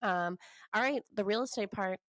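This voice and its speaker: A woman's voice: medium pitch, moderate pace, fairly bright tone, no echo. A woman co-hosting a real estate show, reading town facts in a chatty way with fillers. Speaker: real estate podcast co-host. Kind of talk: casual chat.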